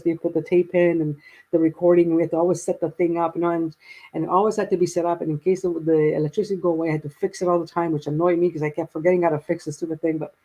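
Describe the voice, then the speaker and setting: A woman in her fifties talks through a family story in conversation. Her voice is mellow and a little husky. She rambles, restarts her sentences and acts out what people said. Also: on the low side, low-quality recording. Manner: rambling, with many restarts and quoted dialogue. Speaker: guest.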